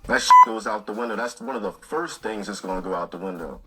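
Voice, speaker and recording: A man's voice: lowish voice, quick pace, loud music behind the voice, poor audio. A man in an aggressive, profane rant.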